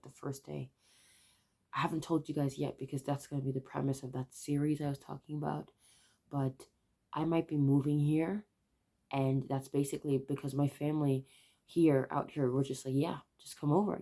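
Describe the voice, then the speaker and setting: A young woman in her twenties confides to camera in a low, gravelly voice with a mellow, darkish tone. She is close to tears, and her confession comes out halting and soft. The delivery is a raw vlog confessional. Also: little pitch movement. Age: 20s. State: on the verge of tears. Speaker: vlogger.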